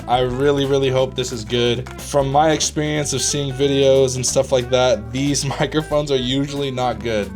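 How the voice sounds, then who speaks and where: A young man vlogging casually as he unboxes and tests budget gear, chatty and excitable, with plenty of fillers. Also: medium pitch.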